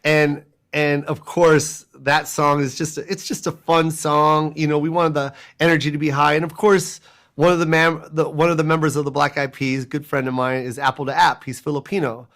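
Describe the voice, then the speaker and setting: A man chatting as an interview guest, a comedian who tells his stories in animated bursts and laughs often. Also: fairly high pitch. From United States. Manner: animated, laughs often, fast storytelling asides. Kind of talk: casual interview chat.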